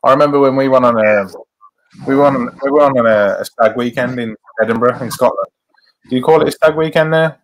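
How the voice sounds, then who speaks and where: An English man chatting as a guest, telling a story and often restarting his sentences. His voice has an average pitch. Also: a little fast, low-quality recording. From United Kingdom. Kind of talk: casual chat.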